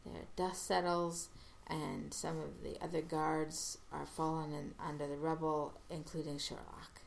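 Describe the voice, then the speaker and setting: Woman, low and unhurried, halting casual recap with acted-out quotes. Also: flat delivery, vocal fry, a little hiss or hum. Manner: halting, restarts, acts out quoted lines. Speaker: episode recapper.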